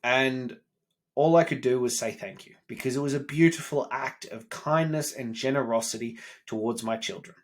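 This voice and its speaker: A man's voice: mid-range voice, moderate pace. Aussie guy in his 30s, blunt and sweary, owning up to his mistakes, vlog style. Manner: blunt and profane, self-critical. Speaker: self-improvement vlogger, father. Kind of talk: candid personal monologue.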